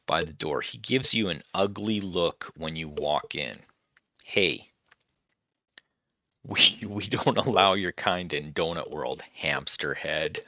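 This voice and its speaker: A man hosting a retro game let's play, chatting casually and reading the on-screen text aloud as he thinks out loud. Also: low voice, dry recording, highs cut off. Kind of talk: casual gameplay commentary.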